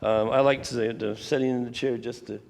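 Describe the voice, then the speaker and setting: An older man leading a church prayer workshop, talking in a relaxed, conversational way with frequent asides and restarts. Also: mid-range voice, fairly quick, big-room sound, a little hiss or hum. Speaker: workshop leader. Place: church fellowship hall.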